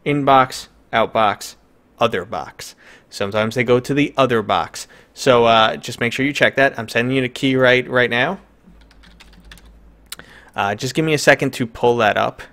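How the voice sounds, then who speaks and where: A man's voice: medium pitch, normal speed, a bit bright. Chatty New York man hosting a stream. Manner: loose, chatty, joking, with many fillers. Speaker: streamer host. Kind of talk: casual live-stream chat.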